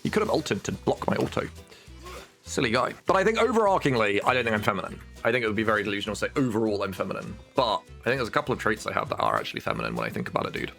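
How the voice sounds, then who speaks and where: A man streaming a game, talking in a loose, rambling way. He cracks jokes, swears freely and keeps throwing in "dude". Soft music plays quietly behind him. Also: lowish voice, very animated, racing, vocal fry. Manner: rambling, joking, swears and says "dude" often. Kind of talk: casual gameplay chat.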